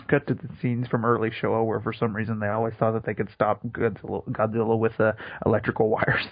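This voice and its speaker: A young man with a lower voice riffs in a relaxed way on a comedy podcast, laughing often. His lines roll on loosely. The sound is dull and lo-fi. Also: brisk. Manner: laid-back, laughs often, talks in run-on riffs. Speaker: podcast co-host. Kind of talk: casual comedic chat. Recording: dull lo-fi recording.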